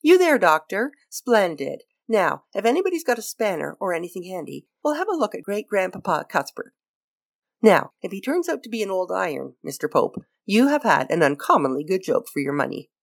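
A woman voicing a breezy, playful upper-class English gentleman detective with a clipped, teasing delivery. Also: mid-range voice, big pitch swings, brisk, gravelly. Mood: jaunty.

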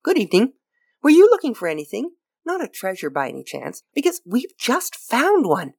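A woman voicing a breezy, playful upper-class English gentleman detective with a clipped, teasing delivery. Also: fairly high pitch, huge pitch swings, moderate pace, creaky, voice pushed up, full character voice. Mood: jaunty.

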